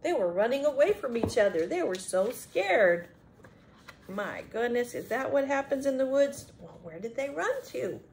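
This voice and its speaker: Animated high-voiced woman reading to children. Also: moderate pace, gravelly, slight background noise. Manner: animated, asks the young listeners questions. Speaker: storyteller reading a picture book aloud to children. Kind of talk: children's read-aloud with chatty commentary.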